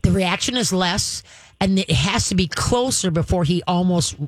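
A dog trainer giving chatty, coaching advice to a caller on a call-in show, with a quick laugh now and then. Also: medium pitch, dry recording.

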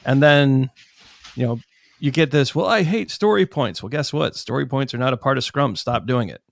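A man with a mid-range voice, sharing his opinions in casual podcast talk. He is recorded close on the mic in a dry, dead room, and his tone turns animated in his asides. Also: medium pitch, moderate pace, vocal fry, dry recording. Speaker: podcast co-host. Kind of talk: casual chat.

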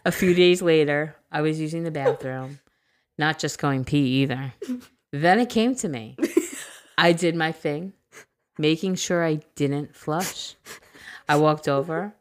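Low-voiced woman reading a story aloud. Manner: animated, laughing, crude humor. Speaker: podcast co-host reading listener stories. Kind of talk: casual storytelling read-aloud.

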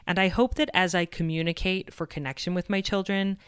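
Podcast host, woman, low and resonant voice, earnest reflective storyteller. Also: steady tone, brisk, fairly bright tone, clear, resonant tone, no echo, clean studio sound. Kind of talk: podcast monologue.

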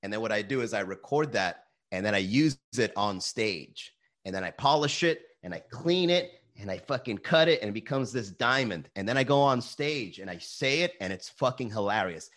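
A man's voice: lowish voice, moderate pace. A man hosting his own daily livestream as a comedian, swearing often and reading viewer comments aloud. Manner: animated, swears often, reads chat aloud. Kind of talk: profane casual livestream chat.

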